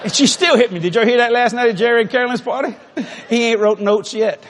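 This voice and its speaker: A man's voice: extremely high pitch, quick pace, a little hiss or hum. A man preaching a humorous sermon in a large auditorium, telling a folksy story and laughing through his words. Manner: animated, often laughing mid-sentence, folksy. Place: large auditorium before thousands.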